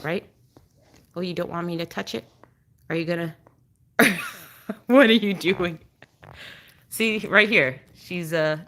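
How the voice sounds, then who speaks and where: A woman's voice: lowish voice, fairly bright tone. A woman chatting on a casual live stream, explaining dog breeds to viewers and cooing at her dog between remarks.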